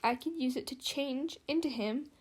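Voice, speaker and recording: A woman's voice: high voice, moderate pace, natural voice. A woman reading the part of a thoughtful, earnest young woman.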